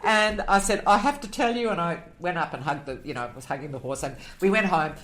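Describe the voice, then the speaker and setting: Brief: woman guest, expressive storyteller who acts out quoted voices; emotional, lower-pitched voice. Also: brisk. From Australia. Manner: emotional, moved near tears. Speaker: guest, animal communicator. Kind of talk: storytelling in a podcast interview.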